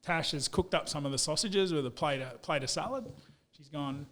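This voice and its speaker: An Australian man chatting on a podcast, his voice sitting a bit high. He tells stories in an easygoing, blokey way and keeps peppering them with "mate" and "you know.". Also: moderate pace, a bit bright. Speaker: business owner. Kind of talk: casual podcast storytelling.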